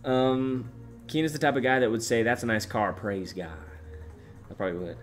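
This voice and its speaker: A young man casually chatting on a live stream, reading chat aloud and rambling with relaxed swearing. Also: medium pitch, fast, faint music behind.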